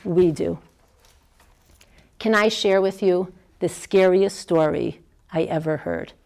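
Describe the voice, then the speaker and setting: A woman's voice: lowish voice, slow pace, gravelly, a little mellow, rough recording. Woman teaching a Torah class. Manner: questions the audience, mixes Hebrew terms. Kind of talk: lecture to a class.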